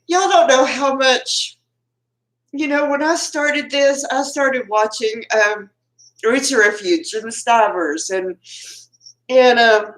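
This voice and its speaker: A woman's voice: high-pitched, takes it slowly, pauses often, a bit bright. A Texan woman hosting a casual live chat with her viewers from home, chatty and laughing often as she greets them by name. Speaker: livestream host. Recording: roomy echo.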